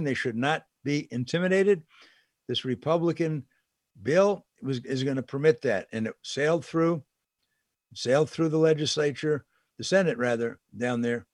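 A man's voice: mid-range voice, no echo, studio quality. A man giving conversational political commentary, indignant and emphatic, with sarcastic asides.

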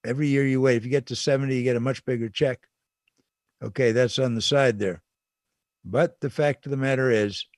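An older man hosts a talk show in an opinionated monologue, indignant and animated. He laughs as he rants. His voice sits in a middle pitch, and the sound is close and dry. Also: dry recording.

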